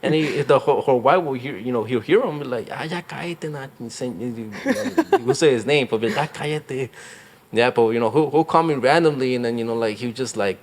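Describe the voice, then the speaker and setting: A man's voice: mid-range voice, animated, brisk, few pauses. A young man, a real estate agent, talking casually in an interview, rambling with lots of fillers and slang. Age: young adult.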